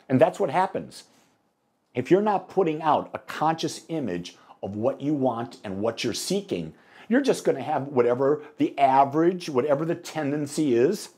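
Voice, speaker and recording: A middle-aged American minister preaching a sermon, telling a story with animated delivery and acting out the dialogue. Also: male voice, mid-range voice. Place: church sanctuary.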